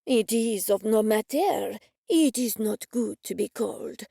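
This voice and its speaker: A woman voicing a polite, evasive male French chef who speaks formal, halting English in a put-on French accent. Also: medium pitch, expressive, creaky, mellow, husky, no room sound, clean studio sound, full character voice.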